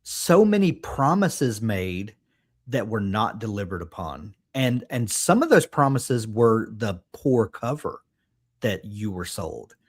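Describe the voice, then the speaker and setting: A man co-hosting a casual book chat, thinking aloud in a rambling way with many pauses. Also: fairly low pitch, very animated. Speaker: podcast co-host.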